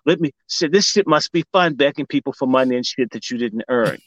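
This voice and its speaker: A man from Washington, D.C., telling a comic story in casual talk, profane and animated, laughing often and acting out what people said. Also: mid-range voice, brisk, no room sound, lo-fi sound. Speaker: commentator.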